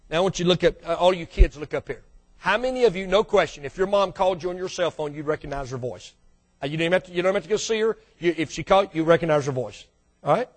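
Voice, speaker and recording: A man preaching a sermon as the church's pastor, swinging from loud bursts to hushed asides and calling out to the congregation. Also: high-pitched. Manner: calls out to the congregation for response.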